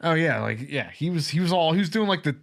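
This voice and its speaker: A man's voice: a little high, animated, fast talker, vocal fry. A married man co-hosting a podcast, telling easygoing stories with chuckles. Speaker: podcast co-host. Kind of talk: casual chat.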